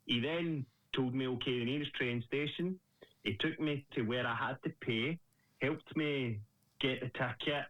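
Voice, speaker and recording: Young Scottish fighter, animated casual talker, lo-fi sound. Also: male voice, mid-range voice, measured pace, dry recording. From Scotland. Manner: animated storyteller, swears freely. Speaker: Muay Thai fighter, guest. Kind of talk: casual interview chat.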